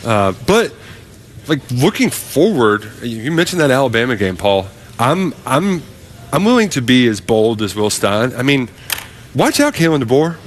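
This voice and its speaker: A male sports reporter talking on the radio with a lively voice that rises and falls widely. He speaks boldly and playfully, pushing his predictions with energy. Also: medium pitch, moderate pace, a little hiss or hum. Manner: animated, bold and playful. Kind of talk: casual sports talk radio.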